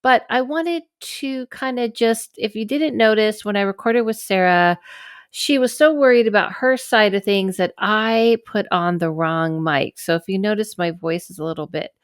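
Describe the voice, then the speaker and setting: A woman's voice: medium pitch, moderate pace, clean tone, no echo, studio quality. A woman hosting a podcast as a psychic medium, chatting casually and rambling with many asides and self-corrections. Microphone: camera microphone.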